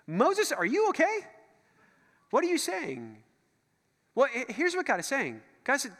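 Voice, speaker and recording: A middle-aged male pastor preaching a sermon, animated and joking, acting out the voices he quotes. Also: high voice, normal speed. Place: church hall. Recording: church hall reverb.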